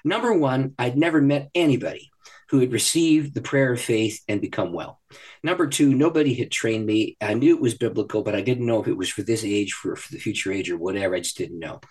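A man who is a guest on a podcast, telling a personal story in an animated way and laughing often. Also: mid-range voice, a little fast, husky. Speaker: podcast guest, ministry leader. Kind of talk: storytelling in a conversation. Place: podcast recording.

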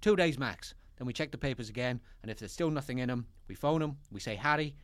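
A man's voice: mid-range voice, lively intonation, fast talker, clean tone, dry recording, clean studio sound, lightly acted. A man voicing an impatient, grumpy male hitman in a comic script read-through. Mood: grumbling. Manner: blunt, exasperated line reading.

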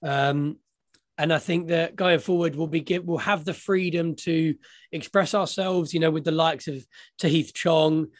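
A man's voice: fairly high pitch, fairly even intonation, moderate pace, dry recording. A young man co-hosting a casual fan podcast, rambling and joking with lots of restarts. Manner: rambling, jokey, many restarts. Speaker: podcast co-host.

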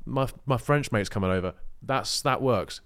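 A man's voice: medium pitch, normal speed, dry recording, studio quality. A man co-hosting a podcast, teasing his co-host in casual banter. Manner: teasing, deadpan contrarian.

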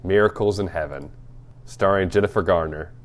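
A man's voice: deep voice, normal speed. A young man co-hosting a casual movie podcast, laid-back and joking, laughing often as he chats. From Atlanta area. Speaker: podcast co-host.

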